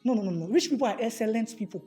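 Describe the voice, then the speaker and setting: High-voiced Nigerian woman preaching mindset. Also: lively intonation, very fast, mellow, soft background music. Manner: emphatic, repeats key phrases, slips into pidgin. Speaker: motivational speaker. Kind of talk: motivational talk to an audience.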